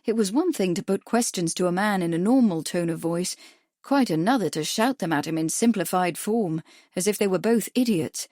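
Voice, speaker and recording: A woman narrating a cozy mystery audiobook in a steady, measured way. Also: fairly low pitch, no echo, studio quality. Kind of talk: scripted narration.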